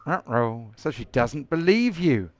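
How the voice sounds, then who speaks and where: Chatty game master. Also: male voice, medium pitch, lively intonation, a little slow, no room sound. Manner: chatty, hesitant, lots of ums. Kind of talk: casual tabletop game narration.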